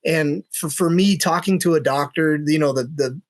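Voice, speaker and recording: A middle-aged man, a SWAT officer guest, telling a personal story in a podcast interview, earnest and halting with many fillers and restarts. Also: fairly high pitch.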